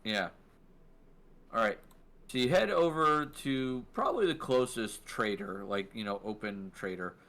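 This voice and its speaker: A man narrating as game master of a tabletop game, relaxed with many fillers. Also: fairly low pitch, a little slow.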